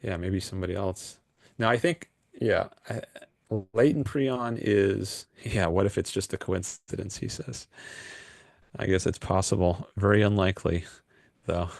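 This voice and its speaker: A man's voice: sits low, measured pace, gravelly, darkish tone, no echo, studio quality. A man hosting a call-in livestream, rambling and hesitant with lots of fillers. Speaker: livestream host taking calls. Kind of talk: casual livestream chat.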